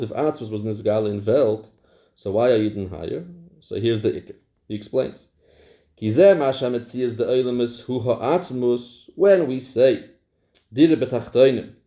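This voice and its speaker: A man's voice: medium pitch, mellow. A man teaching a Torah text lesson. He reads Hebrew passages aloud, then explains them in English mixed with Hebrew and Yiddish terms, repeating key phrases for emphasis. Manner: repeats phrases for emphasis, with sing-song study cadence. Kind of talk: Talmudic-style text lesson.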